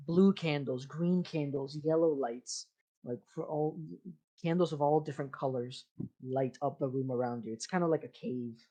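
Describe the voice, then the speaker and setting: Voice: mid-range voice, moderate pace, dark tone. A game master narrating a tabletop scene in descriptive, improvised fashion, with frequent fillers and restarts.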